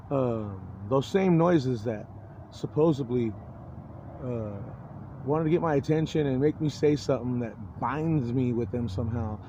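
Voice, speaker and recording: A man's voice: mid-range voice, a little mellow, muffled recording, a little hiss or hum. A middle-aged man in a rambling personal monologue, agitated and profane, often breaking off and restarting his sentences. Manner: profane, swears heavily. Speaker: vlogger.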